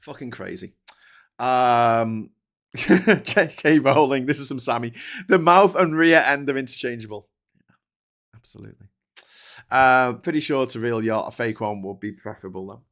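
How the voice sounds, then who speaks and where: A man's voice: medium pitch, lively intonation, normal speed, pauses often, a bit bright. A man hosting a livestream, reading viewer comments and ranting with heavy swearing and frequent laughter. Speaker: host. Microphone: desk microphone.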